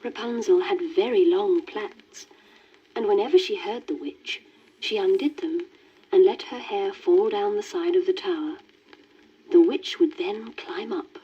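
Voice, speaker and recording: A woman reading a children's storybook aloud in a gentle, lilting manner. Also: mid-range voice, measured pace, breathy edge. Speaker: story reader. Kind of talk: scripted storybook narration. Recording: dull worn vinyl record with faint hiss.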